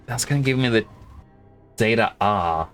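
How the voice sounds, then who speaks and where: A man's voice: fairly low pitch, animated, normal speed, fairly bright tone, soft background music. An Australian man giving rambling, casual commentary as he streams a game, often cutting himself off mid-sentence. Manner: chatty, rambling, self-interrupting.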